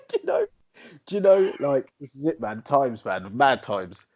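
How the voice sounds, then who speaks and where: A man, co-hosting a podcast and telling animated, slangy stories in casual chat. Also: medium pitch, unhurried, lo-fi sound, a crowd in the background. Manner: animated storyteller, slangy, slips into put-on MC voices. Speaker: podcast co-host.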